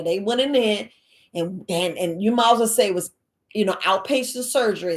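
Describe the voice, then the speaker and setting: Woman, fairly high voice, casual livestream host, animated and dramatic. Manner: animated, dramatic, exclaiming quoted reactions. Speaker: live Q&A host.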